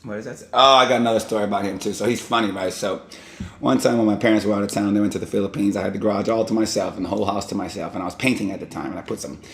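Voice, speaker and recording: A man rambles through a loose, digressive story for his vlog. His voice is low and gravelly. The room gives it a noticeable echo. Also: steady tone, racing, a bit bright. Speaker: vlog host. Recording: echoey room.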